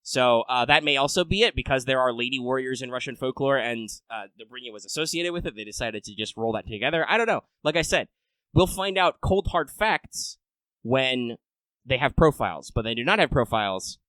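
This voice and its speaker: Man, podcast host, bright voice, dry sound, rambling, cursing, loud then quiet. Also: mid-range voice, animated, fairly quick, clear, resonant tone, no echo, rough recording. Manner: rambling, profane, swings between loud rants and mutters. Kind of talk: casual podcast chat.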